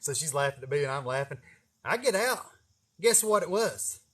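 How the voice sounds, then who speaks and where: Animated man telling a wild story. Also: fairly high pitch, normal speed, husky. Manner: animated, profane, laughing at himself. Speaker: vlogger. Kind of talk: casual storytelling.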